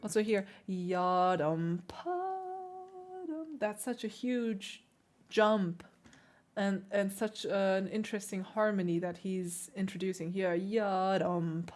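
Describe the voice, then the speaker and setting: A woman who hosts a piano channel, critiquing viewers' playing with emphatic, animated coaching. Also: medium pitch, a little slow. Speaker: piano teacher and channel host.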